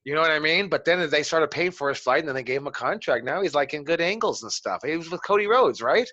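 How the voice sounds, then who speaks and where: A man's voice: on the high side, fast talker, no echo, dull audio. A man, chatting casually as a podcast host and telling stories animatedly with lots of slang. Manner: animated storyteller, slangy, says "bro" often. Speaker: wrestling trainer, podcast host. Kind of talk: casual chat.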